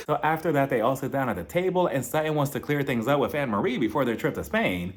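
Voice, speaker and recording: Talking fast with big pitch swings and few pauses, this male reality TV reviewer gives a sarcastic, gossipy recap of a show. He often mimics what people said in a high voice.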